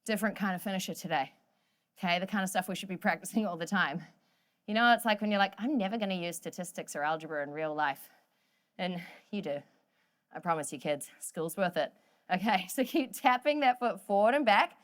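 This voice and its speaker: Coaching a workout class with upbeat energy, this instructor cracks jokes, encourages the group, and counts down the closing seconds of every set. She speaks briskly at a medium pitch.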